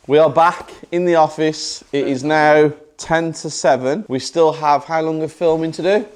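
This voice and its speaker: A British man chatting casually in a vlog, upbeat and joking, talking in quick bursts. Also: on the high side, smooth. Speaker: property investor vlogger.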